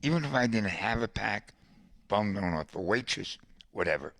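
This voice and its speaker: A man's voice: fairly low pitch, animated, normal speed, a bit bright, no echo. A man hosting a podcast, telling a long personal story in a casual, conversational way, with asides to a co-host.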